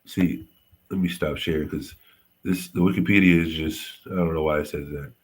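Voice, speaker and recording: A man hosting a casual livestream history lesson, halting and often correcting himself. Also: very deep voice, fairly even intonation, breathy edge. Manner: halting, frequent self-corrections and apologies. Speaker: host teaching history on a livestream.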